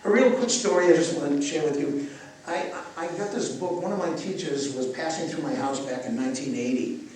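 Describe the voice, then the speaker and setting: A man's voice: fairly high pitch, fairly quick, slight background noise. Older man teaching breathwork, echoey far mic. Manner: animated, guiding the crowd through breathing. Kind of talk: live workshop talk to an audience. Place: live event venue.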